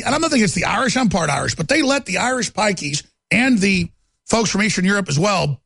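A man's voice: high voice, vocal fry, fairly bright tone, dry recording. A man hosting a talk show, delivering a heated political monologue in a contemptuous, ranting way with stammered repeats.

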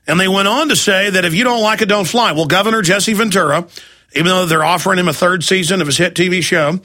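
A man's voice: high voice, pushed and bright. A man hosting a talk radio show, ranting angrily and firing off rhetorical questions. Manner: angry, ranting, rapid-fire rhetorical questions. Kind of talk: heated talk radio rant.

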